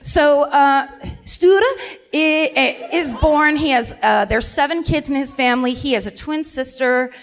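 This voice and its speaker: A woman spins a dark true-crime tale for a live theater crowd, her voice sitting a touch high. She is chatty and profane and keeps breaking into laughs at herself. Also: moderate pace, few pauses, soft background music. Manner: animated, laughing, sweary, self-mocking. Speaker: podcast host telling a true-crime story. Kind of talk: live comedy podcast storytelling. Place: live theater stage before an audience.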